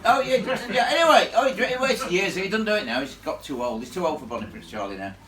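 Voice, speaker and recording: A man tells a ghost story to a live audience, animated and chatty, laughing along with the listeners. His voice sits a little high and comes from some distance, with a roomy echo and faint background noise. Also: fast talker. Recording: echoey room, from far off.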